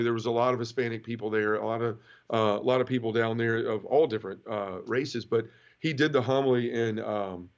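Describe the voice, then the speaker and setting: A middle-aged interview guest shares an emotional testimony of his faith, earnest and heartfelt, stumbling and repeating words when feeling overtakes him. His pitch is ordinary, and the recording sounds slightly dull and lo-fi.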